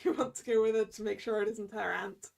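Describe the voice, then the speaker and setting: A woman's voice: mid-range voice, fairly even intonation, a little fast, gravelly, a little mellow. A woman streamer casually commenting while playing a story game, thinking aloud. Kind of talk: let's-play commentary.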